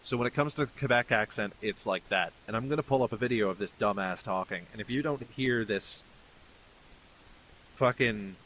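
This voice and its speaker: A man's voice: fairly low pitch, moderate pace, a bit bright, slight background noise, rough recording. A middle-aged man streaming games, ranting bluntly and swearing freely in casual commentary. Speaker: gaming streamer. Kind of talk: casual commentary over gameplay.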